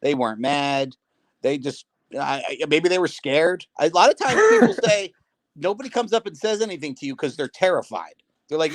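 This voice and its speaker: A man telling animated stories in a casual podcast conversation. He laughs often and acts out the voices of the people he quotes. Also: on the high side, normal speed, dry recording. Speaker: guest, prank video maker and wrestling promoter.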